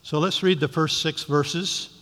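A man leading a Bible study, reading scripture aloud and then explaining it in a measured way, with frequent ums and uhs. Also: a little high, steady tone, fairly bright tone. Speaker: Bible teacher. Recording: long reverberant hall.

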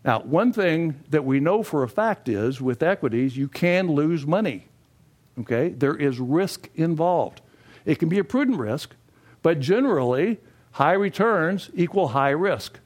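A man's voice: on the high side, expressive, unhurried. An older man giving a classroom lecture on finances, folksy and posing questions to the class before answering them himself. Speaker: financial education instructor.

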